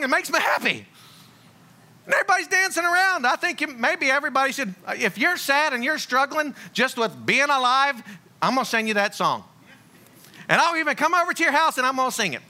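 A man preaching with a high, bright voice that jumps all over the place. His delivery is blunt and playful, full of jokes and sudden emphasis. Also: normal speed, pauses often. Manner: lively, joking, blunt preaching with sung snippets. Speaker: pastor. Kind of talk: sermon.

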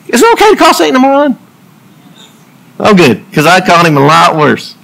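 A male preacher whose sermon runs on jokes and quick asides, laughing at his own lines. His voice sits high and bright, and his pitch leaps up and down as he tells it. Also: vocal fry, low-quality recording. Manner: animated, jokey asides and laughs. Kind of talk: humorous sermon.

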